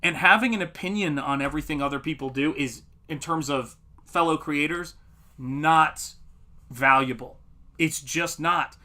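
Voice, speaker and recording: Middle-aged male streamer, bright, slightly high voice, lively anecdote-teller, casual. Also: unhurried. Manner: animated storytelling, acts out quotes. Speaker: comic artist streamer. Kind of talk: casual livestream chat.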